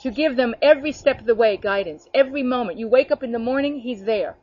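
Woman, fairly high voice, earnest spontaneous preacher to a small group, dull video-call sound. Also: quick pace, few pauses, a little mellow. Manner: earnest, addresses listeners by name, punctuates with "okay?". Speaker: prayer group teacher.

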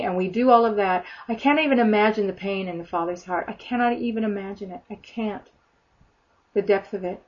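A woman's voice: mid-range voice, a little fast. A woman preaching a sermon in a fervent, emphatic way, often acting out imagined prayers. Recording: dull lo-fi sound.

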